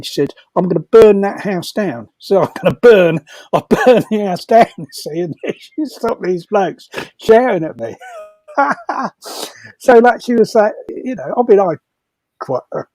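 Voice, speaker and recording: Chuckling older man, high voice. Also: very animated, normal speed, warm tone, no echo. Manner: rambling, laughs often, many restarts. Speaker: storyteller at a comedy fundraiser. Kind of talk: casual anecdotal storytelling.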